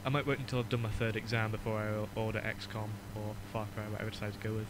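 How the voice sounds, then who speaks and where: A man's voice: on the low side, level tone, very fast, noisy background. A young man with a Yorkshire accent chatting casually on a podcast, slightly ill, rambling with fillers and restarts. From Yorkshire, England. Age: young adult. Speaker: podcast co-host. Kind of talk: casual chat.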